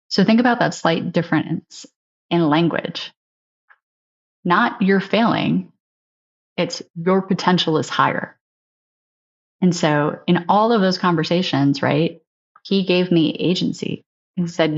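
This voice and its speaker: A woman with a low, gravelly voice talks through stories in a casual, reflective way, often tossing in "like" and "right?". The recording is a little dull and lo-fi. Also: moderate pace. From United States. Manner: earnest, reflective storytelling with frequent "right?" and "like". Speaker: guest, sales leader. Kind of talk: casual interview talk. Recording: slightly dull, lo-fi sound.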